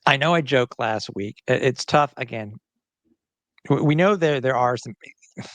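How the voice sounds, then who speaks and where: Brief: male podcast host, mid-pitched, chatty and loose, stops and restarts a lot, dry close mic. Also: normal speed, dry recording. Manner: chatty, with frequent restarts and fillers. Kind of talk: casual sports podcast chat.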